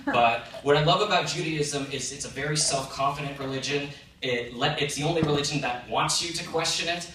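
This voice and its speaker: A male stand-up comedian performing a self-deprecating set with animated punchlines on a comedy club stage. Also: on the high side, fairly quick, recorded from a distance. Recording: echoey club recorded from afar, noisy. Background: audience laughter.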